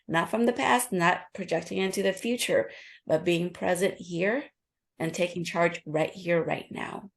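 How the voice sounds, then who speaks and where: Lowish-voiced woman guest walking through a calming trick, quick and earnest, acts out the inner voice sometimes. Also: creaky. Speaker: author and nurse practitioner guest. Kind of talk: explaining a calming method in an interview.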